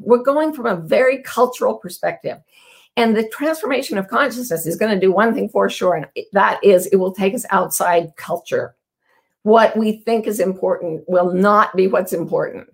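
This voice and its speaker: A woman hosting her weekly show, talking casually and intimately to her audience about awakening. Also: mid-range voice. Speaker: host. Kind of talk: casual spoken reflection to an online audience.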